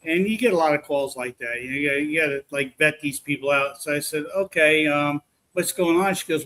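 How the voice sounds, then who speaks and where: A man's voice: fairly high pitch, brisk. Chatty man retelling ghost stories. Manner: rambling, animated retelling with restarts. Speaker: paranormal investigator guest. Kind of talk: casual storytelling.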